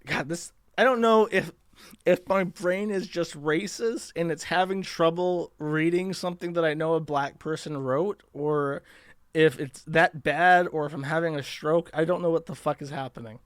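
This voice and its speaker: Sarcastic, crude-mouthed man with a smooth voice. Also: on the high side, moderate pace, no echo, clean studio sound. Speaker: podcast host. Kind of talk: casual commentary.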